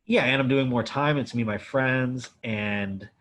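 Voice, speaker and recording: This male guest at a Q&A is a comedian from Buffalo, New York, spinning a story casually and with plenty of energy. He swears frequently and keeps saying "like," speaking at a medium pitch without hurrying.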